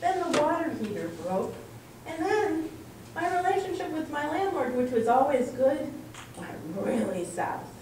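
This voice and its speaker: A woman's voice: sits high, very animated, unhurried. A woman minister giving a reflective talk to a congregation, telling stories in an earnest way. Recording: echoey room from far off, faint noise.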